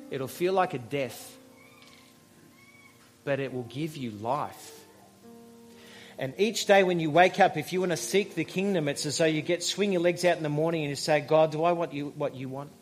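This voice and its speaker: Male pastor, conversational sermon delivery, storyteller, a little higher-pitched than most men. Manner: conversational, storytelling, with emphatic pauses.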